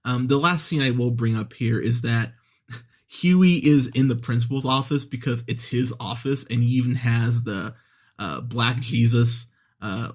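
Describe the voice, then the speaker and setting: A man's voice: medium pitch, darkish tone. A man hosting a movie podcast, reviewing an episode in a casual, conversational way, often correcting himself mid-sentence and acting out the characters' lines. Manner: conversational, re-voices characters when quoting scenes; frequent self-corrections and fillers. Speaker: podcast host.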